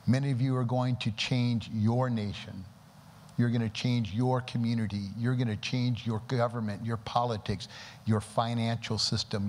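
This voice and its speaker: A man preaching a sermon to a church congregation, praying aloud and pressing listeners with rhetorical questions. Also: mid-range voice. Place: church service before a congregation. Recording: long hall reverb with faint background noise.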